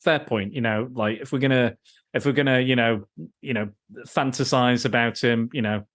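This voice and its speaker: Male podcast host, casual film chat, ranting, profane, stumbling restarts, mid-pitched. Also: steady tone, moderate pace, fairly bright tone.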